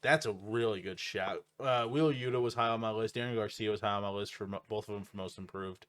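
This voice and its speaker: Lower-voiced blunt man on a podcast. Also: fairly bright tone, smooth. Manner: blunt, swears often, quick laughs. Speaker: podcast co-host. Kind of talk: casual wrestling chat.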